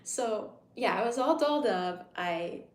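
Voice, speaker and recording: A woman in her thirties chatting casually on a livestream, reading comments and swearing freely, with hushed asides. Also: on the high side, animated, measured pace. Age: 30s. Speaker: livestream host. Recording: echoey room sound.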